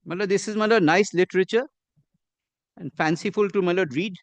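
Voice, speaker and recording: A man with an Indian English accent, arguing a case before a judge in measured, deferential courtroom speech. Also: sits high, no room sound. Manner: measured and deferential, says "my lord" constantly. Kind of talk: formal courtroom argument.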